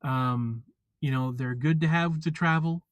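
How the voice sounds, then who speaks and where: A man chatting casually on a live stream, rambling and halting with lots of fillers and restarts. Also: fairly high pitch, dry recording. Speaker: vlogger.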